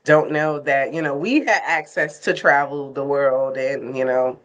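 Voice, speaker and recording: A woman's voice: rumbling low, a bit bright. A woman co-hosting a casual talk podcast, telling stories with frequent laughs. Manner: storytelling, laughs often, slow drawn-out phrasing. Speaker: podcast co-host. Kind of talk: casual chat.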